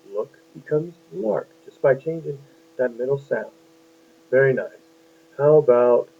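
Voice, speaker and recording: A man's voice: mid-range voice, creaky, slightly rough. A man teaching a phonics lesson to young children, patient and encouraging, asking lots of questions. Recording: tinny lo-fi phone-like sound.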